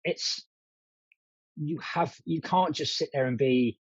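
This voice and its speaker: A man talking earnestly in a casual podcast chat, often restarting and repeating words as he works through an idea. His voice is husky and middle-pitched. The sound is dry and a little dull, like a lo-fi remote line. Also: slow, pauses often, no echo. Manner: earnest, repeats words while building a point. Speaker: podcast guest.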